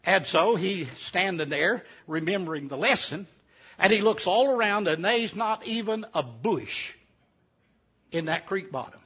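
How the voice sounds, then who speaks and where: A man's voice: high-pitched, lively intonation, measured pace, fairly bright tone, breathy edge. A man telling a folksy tale to a live audience, with chatty asides. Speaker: storyteller. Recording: dull lo-fi recording.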